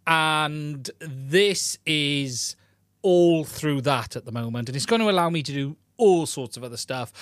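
Male live-stream host, casual and friendly, greets chat by name; fairly high pitch. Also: a bit bright, dry recording, clean studio sound. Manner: chatty, greets viewers by name.

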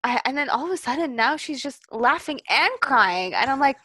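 A young woman co-hosting a casual chat, playful and giggly, with quick quoted asides. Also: high-pitched, animated, sharp tone, no echo.

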